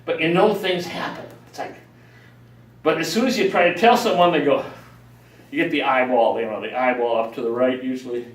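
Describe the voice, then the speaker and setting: An older man telling a personal story in a rambling, animated way, acting out the voices of people he quotes. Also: medium pitch, brisk. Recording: roomy, distant mic.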